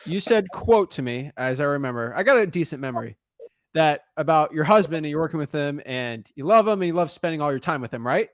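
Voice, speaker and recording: A man's voice: fairly high pitch, lively intonation, fairly quick, no echo, clean studio sound. A young adult man coaching callers on real estate deals live, direct and encouraging, checking in with the listener as he talks.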